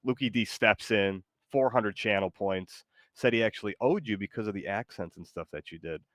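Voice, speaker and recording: Rambling low-voiced male streamer. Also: normal speed, fairly bright tone, no echo, clean studio sound. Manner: rambling, lots of fillers. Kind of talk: live stream chat.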